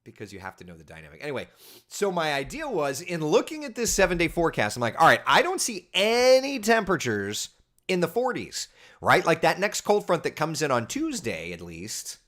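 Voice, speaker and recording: A man's voice: a little high, a little fast. A man hosting a casual live morning weather chat, joking and telling stories. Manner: chatty, jokey, lively storytelling. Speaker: TV meteorologist host.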